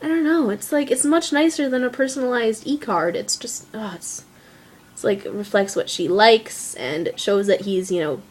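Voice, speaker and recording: A woman's voice: fairly high pitch, moderate pace. Gushing, chatty young woman. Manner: gushing and chatty, acts out movie lines in little voices; many fillers like "like" and "um". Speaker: vlogger. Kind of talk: casual chat to camera.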